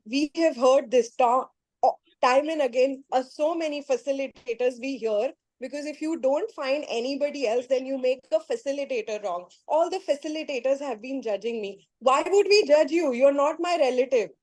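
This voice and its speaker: A woman's voice: sits high, a little mellow, no echo, rough recording. A woman facilitator on a group call, talking firmly and insistently to her participants. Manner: firm, insistent, scolding.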